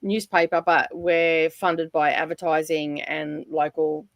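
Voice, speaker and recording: A chatty middle-aged woman with an Australian accent, talking in a rambling, easygoing way and laughing often. Her voice sits a little low, and the sound is dry and close. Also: flat delivery, a little slow, vocal fry, no room sound, lo-fi sound. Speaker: livestream guest. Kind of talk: casual chat.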